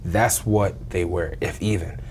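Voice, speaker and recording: A man's voice: low-pitched, unhurried, darkish tone, a little hiss or hum. A man with an English accent, a guest chatting casually in an interview, laid-back and chuckling. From England. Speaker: guest, football player.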